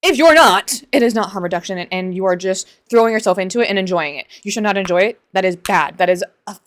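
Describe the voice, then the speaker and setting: A woman's voice: medium pitch, lively intonation, quick pace. Sarcastic ranting woman commentator. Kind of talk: reaction commentary.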